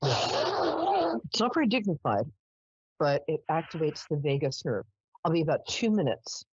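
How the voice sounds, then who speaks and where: A woman's voice: low voice, sing-song, normal speed, breathy edge, no echo, highs cut off. A woman hosting a live call-in psychic show, chatty as she tells stories and affectionate with callers. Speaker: psychic radio host.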